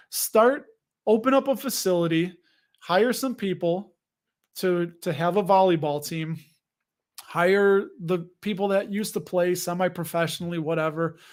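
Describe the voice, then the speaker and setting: Chatty high-voiced man hosting a livestream. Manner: chatty, jokey, rambling. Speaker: host. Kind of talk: casual livestream chat with viewers.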